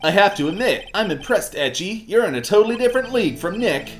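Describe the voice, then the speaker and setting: A man voicing a goofy, excitable young male slacker who whines and gets flustered. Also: high-pitched, fast, soft background music, voice pushed up. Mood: flattering. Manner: whiny, flustered and boastful. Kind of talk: voicing a game character.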